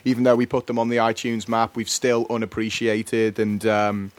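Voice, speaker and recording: A man's voice: on the low side, completely flat delivery, moderate pace, dry recording. A young man co-hosting a casual radio show, chatty and teasing. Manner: chatty, teasing, says "mate" a lot. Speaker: radio co-host. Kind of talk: casual comedic radio chat. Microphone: studio mic. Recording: dry studio sound.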